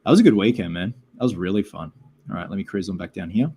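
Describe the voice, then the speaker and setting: A man's voice: deep voice, expressive, quick pace, mellow, a little hiss or hum. An Australian man hosting a live stream, chatting loosely with viewers and reading out their comments, full of "like" and "man". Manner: filler-heavy, keeps saying like and man. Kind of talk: casual live stream chat.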